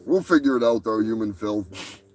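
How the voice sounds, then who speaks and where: A man's voice: fairly low pitch, expressive, moderate pace, a little mellow, faint music behind. A man hosting a comedy livestream, talking in a rambling, crude and profane way. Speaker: show host. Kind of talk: casual comedic livestream talk.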